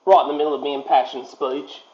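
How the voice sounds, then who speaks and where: A man in his thirties with an Australian accent, rambling excitably in slangy, joking banter with a voice assistant. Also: medium pitch, fast, echoey room, muffled recording. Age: 30s.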